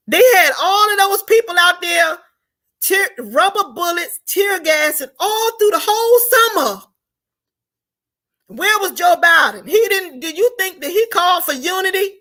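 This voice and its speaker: A woman's high, bright voice carries an unscripted political commentary monologue. She talks emphatically and preachily, hammering her viewers with rhetorical questions. On the points she cares about most, her voice climbs into shouting. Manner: rises to shouts on key points.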